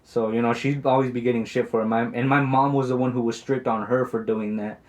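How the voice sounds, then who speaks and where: A man's voice: medium pitch, fairly even intonation, brisk, a little mellow. Guy in his 20s rambling thru a family story, tons of um and like, cussing constantly. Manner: rambling, swears a lot, many fillers. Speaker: podcast co-host. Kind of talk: casual chat.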